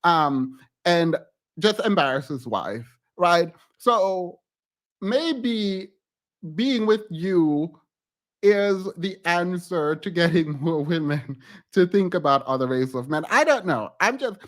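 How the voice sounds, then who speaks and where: Male gossip vlogger: high, swooping voice, unhurried, giggly, keeps trailing off and restarting. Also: expressive, a bit bright. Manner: giggly, hesitant, often breaks off and restarts. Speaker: YouTube commentator. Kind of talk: casual celebrity gossip commentary.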